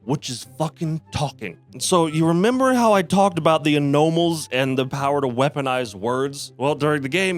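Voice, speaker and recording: Sarcastic man ranting with lively pitch. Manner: sarcastic, profane, exasperated. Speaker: game reviewer. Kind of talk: ranting video game review.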